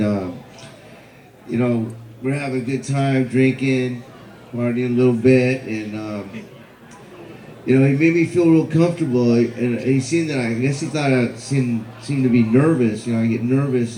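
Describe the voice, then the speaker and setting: A man speaking at a memorial, telling a personal story in a halting way with many fillers and repeated words. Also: mid-range voice, fairly even intonation, dark tone. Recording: echoey hall.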